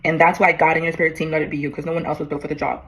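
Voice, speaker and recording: A woman's voice: low voice, flat delivery, very fast, a bit bright, husky, rough recording. A young woman in her twenties vlogging as she reads an old letter to herself aloud, emotional, swearing and laughing in disbelief.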